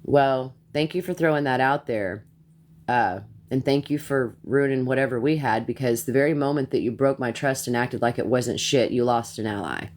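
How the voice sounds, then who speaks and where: A woman's voice: rumbling low, normal speed, a little mellow. Blunt, profane woman ranting live. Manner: blunt, profane, repeats herself when worked up. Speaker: live-stream commentator. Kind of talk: heated social-media live rant.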